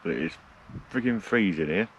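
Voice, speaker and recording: Outdoors by a lake on a cold morning, a middle-aged British vlogger on a van road trip chats casually to his camera, rambling, laughing often, and poking fun at himself. His low voice is expressive and a little fast, and the audio has its highs cut off plus a little hiss or hum.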